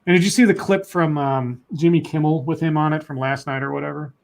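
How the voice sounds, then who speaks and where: A man's voice: on the high side, steady tone, fairly quick, gravelly. Rambling man hosting a casual stream. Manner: rambling, chatty, trails off with fillers. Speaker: co-host reading news stories. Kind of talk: casual livestream chat.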